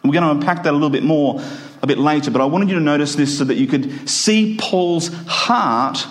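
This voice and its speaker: A man preaching a sermon, explaining a scripture passage with earnest, deliberate emphasis. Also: a little high. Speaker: pastor.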